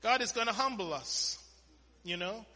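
A man preaching a sermon in an animated way, quoting scripture and breaking into sudden loud bursts, in a church hall. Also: sits high, normal speed. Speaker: pastor. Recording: long hall reverb.

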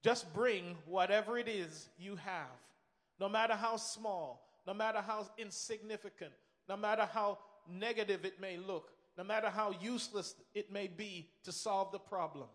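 A man's voice: high-pitched, normal speed, a bit bright, big-room sound. A man preaching a sermon with emphasis. He repeats key phrases and acts out the voices he quotes.

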